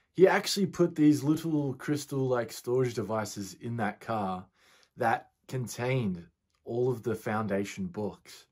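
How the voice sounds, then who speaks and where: A relaxed man talks through a science reaction video, loose and chatty, with slang dropped along the way. His voice is on the low side and a bit husky, with a breathy edge. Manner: relaxed and chatty, laughs often, slang like bro. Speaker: physicist YouTuber reacting to a series. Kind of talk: casual reaction commentary.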